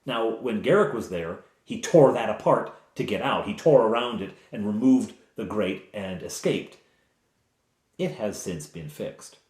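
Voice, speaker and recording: A man's voice: fairly low pitch, lively intonation, a little slow, darkish tone, reverberant. A man, the game master, recounting a tabletop game session in a casual, digressive way full of asides and explanations.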